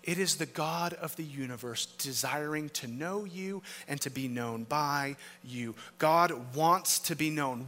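A man preaching a sermon as pastor, with emphatic rhetorical questions, rising loud and then dropping to a hush. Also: a little high, unhurried, hardly any pauses. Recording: long reverb of a large hall.

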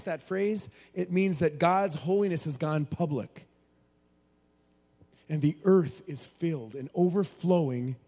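A man preaching a sermon, moving between hushed, low passages and loud, animated bursts. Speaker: pastor. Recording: long hall reverb.

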